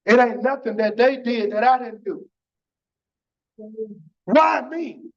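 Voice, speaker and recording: Man, high voice, preaching his testimony with fervor, keeps saying "man"; muffled church stream audio. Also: fairly even intonation, normal speed. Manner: fervent, repeats phrases, tags lines with "man".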